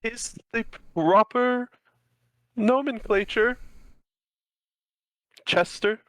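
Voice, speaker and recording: A man's voice: sits high, very animated, slow pace, a bit bright, dry recording, voice pushed up, exaggerated voice. A man voicing a formal, dapper male scarecrow who sells fruit, in a tabletop game. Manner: formal, tries an accent then drops it.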